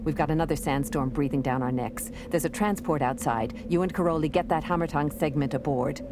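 A woman's voice: low voice, a little fast, lightly acted. A woman reading the part of a determined female smuggler in terse lines. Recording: noisy recording.

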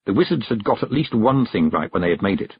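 A man reads a storybook aloud, expressive and measured, in a very husky voice. His pitch moves in a lively way. The recording is dry, close and dull. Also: dry recording. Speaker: audiobook narrator. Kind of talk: storybook reading.

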